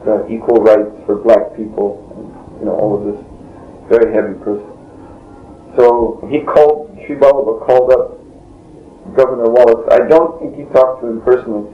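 Man telling a story on old roomy tape. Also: medium pitch. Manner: rambling, self-interrupting, chuckles often. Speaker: monk telling his story in an interview. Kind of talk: casual spoken storytelling. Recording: dull lo-fi tape in a roomy space, faint hiss.

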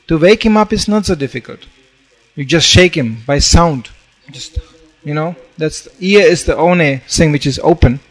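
Storytelling man preaching a sermon. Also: a little high. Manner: storytelling with acted-out quotes, frequent "you know". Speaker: monk preacher.

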